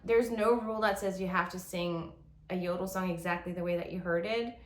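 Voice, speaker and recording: Fairly low-pitched, steady, and fairly quick, a woman walks students through an online yodeling lesson step by step, demonstrating as she goes. The room gives noticeable echo.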